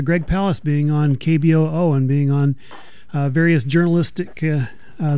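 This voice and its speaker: A male radio host interviewing a guest, talking in a halting way with many fillers. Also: a little high, warm tone, smooth, no room sound.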